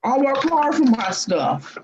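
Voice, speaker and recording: A host in casual chat, talking in a relaxed, rambling way with many restarts. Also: high-pitched, takes it slowly. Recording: dull lo-fi recording with faint hiss.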